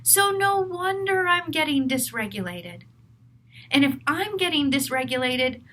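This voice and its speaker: A middle-aged woman speaks to camera as a therapist, working earnestly through her own feelings. Her voice sits fairly high and rings bright and forceful. A faint hum of ambient noise sits behind her. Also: poor audio. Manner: earnest, self-reflective, talks through feelings aloud. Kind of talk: reflective talk to camera.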